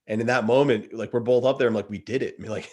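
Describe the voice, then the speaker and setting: A man in his thirties, appearing as a guest, retells a story earnestly and with lots of animation, calling the listener "dude" again and again in casual chat. His mid-range voice has a breathy edge, and he talks very fast.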